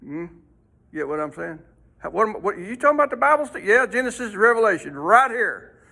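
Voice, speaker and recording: A man's voice: high-pitched, sing-song, brisk, creaky, bright, forceful tone. A man teaching a folksy Sunday school lesson, rambling and throwing in rhetorical questions.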